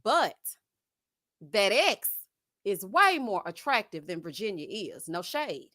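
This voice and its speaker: A woman with a mid-range voice speaks slowly in a clean studio recording with no room sound. As host of a live reality-TV review stream, she's sassy and expressive, calling her viewers honey and y'all and laughing at her own jokes.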